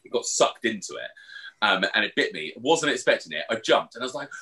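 Animated, sweary man. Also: on the low side, a little fast. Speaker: podcast co-host. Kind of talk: casual chat.

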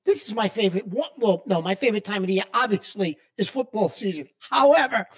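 A male co-host on a casual sports talk show. He tells his side with emphatic, wry delivery and a lively, swinging intonation. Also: high-pitched, fast talker.

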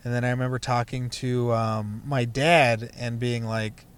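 In a mid-range voice with little pitch movement, a young male comedian guest speaks at normal speed with hardly any pauses, over a little hiss or hum. He's casually recounting a loose, profane tale from his past, full of fillers like "you know" and "like."

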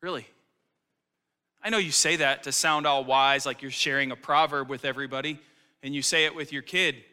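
A man's voice: mid-range voice, fairly even intonation, normal speed, bright, forceful tone, smooth, big-room sound. A man preaching a sermon to a congregation in a casual, conversational way, asking many questions. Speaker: pastor.

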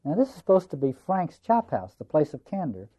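A man's voice: on the high side, sing-song, brisk, dark tone, breathy edge, low-quality recording. A man giving a lecture on a play, musing and reflective, repeating phrases for emphasis.

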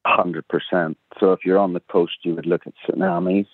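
A man's voice: sits low, steady tone, normal speed, no echo. A man with a Belfast accent, a radio interview guest calling in, explaining in a plainspoken, matter-of-fact way. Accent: Northern Irish, Belfast. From Northern Ireland. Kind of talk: talk radio interview by phone. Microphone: telephone. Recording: tinny phone line.

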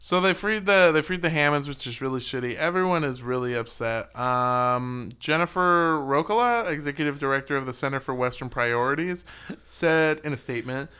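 Male podcast co-host, bright and crisp, slightly high, sarcastic news reader with profane asides. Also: normal speed. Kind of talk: casual comedic podcast chat.

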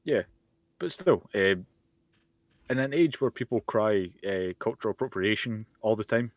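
A man's voice: on the low side, lively intonation, moderate pace, no echo. A Scottish man co-hosting a podcast over a remote call, ranting wryly and sarcastically in casual chat. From Scotland. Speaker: podcast co-host. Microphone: remote call mic.

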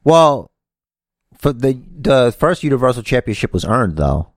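A man's voice: medium pitch, very animated, a little slow, no echo, clean studio sound. A man co-hosting a wrestling podcast, rambling and restarting his sentences in casual chat. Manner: rambling, restarts often, teasing. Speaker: podcast co-host.

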